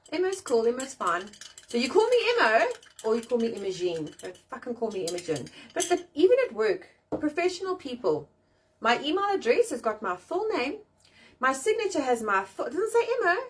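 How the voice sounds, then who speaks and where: A woman with a high-pitched, breathy voice rants from a distance, sweary and blunt. She hosts a live chat show, here a casual live-stream chat held outdoors in the rain.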